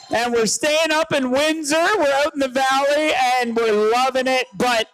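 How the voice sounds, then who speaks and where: A male comedian from rural Newfoundland with an extremely high-pitched voice does loud, joking stand-up banter at an outdoor rally, often shouting to the crowd. The recording is low quality.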